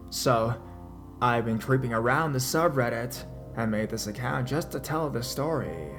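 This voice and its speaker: A man reads out a horror story in a dramatic way, his voice rising and getting louder as the tension builds. His pitch is ordinary, neither high nor low. Soft background music plays beneath the narration. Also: expressive, moderate pace. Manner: dramatic reading, pitch and loudness swelling in tense parts. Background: faint music.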